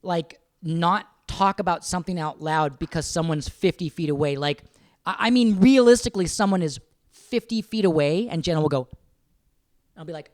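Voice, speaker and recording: A middle-aged man co-hosting a podcast in casual chat, loud, swearing freely and quick to laugh. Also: sits high, animated, no room sound. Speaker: podcast co-host.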